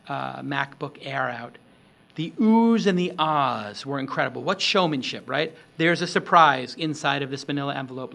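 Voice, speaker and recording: A middle-aged man hosting a talk on product demos, animated and acting out example pitches with shifting tone. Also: vocal fry. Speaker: host. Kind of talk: instructional talk on startup demos.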